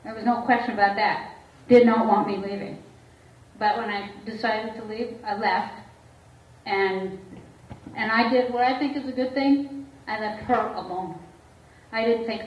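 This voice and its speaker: A woman's voice: on the high side, a little slow. A woman therapist speaking candidly to an audience about her own life. She talks openly and laughs often. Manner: frank, laughs often, acts out quoted voices. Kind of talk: candid personal talk to an audience. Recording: echoey room, far from the mic, dull and lo-fi.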